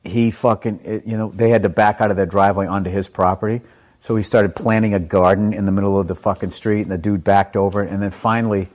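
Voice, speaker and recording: A man telling stories in a casual podcast chat, animated and full of profanity. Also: lowish voice, quick pace.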